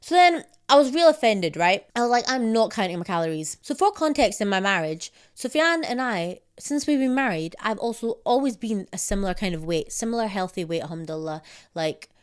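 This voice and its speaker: A woman's voice: fairly quick, clear, resonant tone. Chatty woman telling a story. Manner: animated, acts out her own past panic in high bursts. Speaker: vlogger. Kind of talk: casual storytime to camera. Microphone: close mic.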